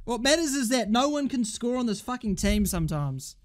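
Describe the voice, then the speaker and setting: A man reacting live to a football match for his fan channel, excitable and swearing, shouting at the players. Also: high voice, normal speed, hardly any pauses.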